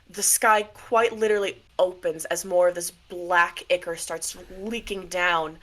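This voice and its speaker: A woman's voice: fairly low pitch, fairly even intonation, unhurried, a bit bright. A woman narrating a tabletop role-playing game as game master, laughing often and breaking into character voices.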